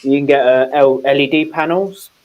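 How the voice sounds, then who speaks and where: A British man chatting casually as a guest on a livestream, talking in halting bursts. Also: mid-range voice, highs cut off, a little hiss or hum. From Britain. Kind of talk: casual chat.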